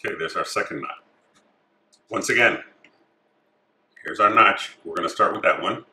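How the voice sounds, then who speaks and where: A man calmly talking through each step of a craft tutorial as he works with his hands. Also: sits low, moderate pace. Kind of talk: step-by-step instruction. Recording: echoey room.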